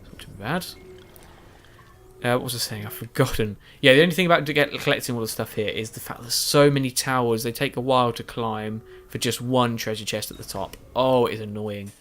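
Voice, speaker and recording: Over slight background noise, a man with a medium-pitched, somewhat bright voice talks fairly quickly while commenting on a video game. He's a gaming YouTuber recording after the fact, late at night, tired and yawning. His delivery meanders and is self-deprecating, with many restarts and filler words.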